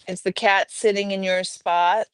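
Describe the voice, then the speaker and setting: A woman streams casually from home, her mid-range voice smooth and unhurried with little pitch movement, recorded dry. Chatty throughout, she works through viewer comments while calling out her viewers and pets by name.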